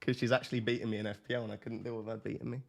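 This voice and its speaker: A man's voice: on the low side, flat delivery, very fast, vocal fry. A man, casually chatting with his live stream audience, laughing and reading comments aloud.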